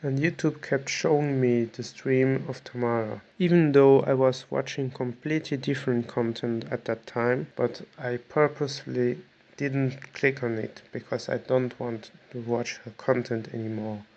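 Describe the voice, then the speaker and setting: A man's voice: medium pitch, steady tone, normal speed, a little mellow, highs cut off. A man talking to his viewers in a matter-of-fact, self-justifying way. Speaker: video creator. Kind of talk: explaining to camera.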